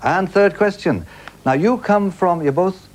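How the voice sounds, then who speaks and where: A man's voice: sits high, a little slow. A man hosting a studio game show with a jokey, teasing patter and a studio audience.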